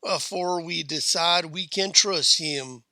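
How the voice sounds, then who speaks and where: A man voicing a tough frontier woman gunslinger with quiet authority, speaking in a dry western drawl. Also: fairly high pitch, takes it slowly, no echo, heavily acted.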